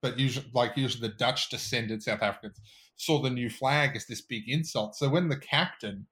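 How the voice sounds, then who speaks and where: Fired-up, swearing podcast host. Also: male voice, mid-range voice, brisk, fairly bright tone. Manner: fired-up ranting, swears freely. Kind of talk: casual podcast chat.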